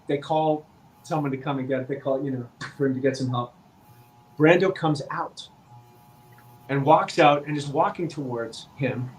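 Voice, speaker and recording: A man's voice: a little high, slight background noise, poor audio. A man, an actor guest on a podcast, telling a long anecdote in casual chat and acting out the quoted lines. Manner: animated anecdote teller, acts out quoted dialogue. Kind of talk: casual storytelling.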